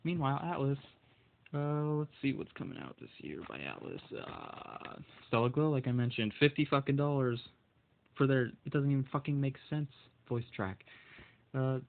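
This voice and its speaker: A man's voice: mid-range voice, lively intonation, normal speed. Furious swearing man, tinny sound. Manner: furious, swears constantly, stumbles over words. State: voice shaking with anger. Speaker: video game vlogger. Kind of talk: angry solo rant.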